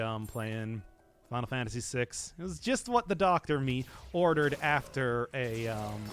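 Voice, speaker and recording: A man's voice: mid-range voice, a bit bright. A man streaming a video game, chatting in a jokey, rambling way with his viewers. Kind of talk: casual gaming stream chat.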